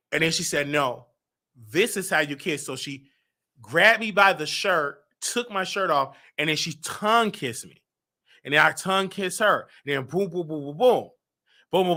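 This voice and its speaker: A man hosting a talk show, telling a personal story in an animated way and acting out the dialogue. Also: fairly high pitch. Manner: dramatic, acts out quoted dialogue. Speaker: show host.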